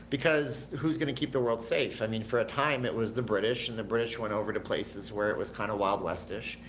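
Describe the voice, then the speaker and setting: A man's voice: mid-range voice, a bit bright, a little hiss or hum. A middle-aged man from Canada hosting a casual livestream from home, reading viewer comments in a rambling, joking, chatty way. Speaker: livestream host.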